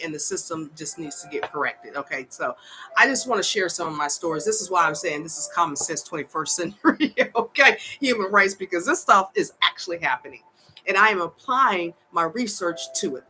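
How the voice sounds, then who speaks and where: A woman's voice: on the low side, lively intonation, moderate pace, pushed and bright, faint music behind, rough recording. An older woman giving a heated, opinionated monologue, repeating herself for emphasis and laughing between points. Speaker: vlogger and advocate.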